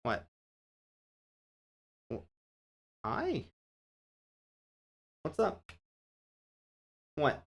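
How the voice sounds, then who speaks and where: A man's voice: mid-range voice, expressive, normal speed, long pauses, fairly bright tone. Laid-back male streamer, casual chatter. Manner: laid-back, swears, laughs, chats to his cat. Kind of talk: casual gameplay commentary.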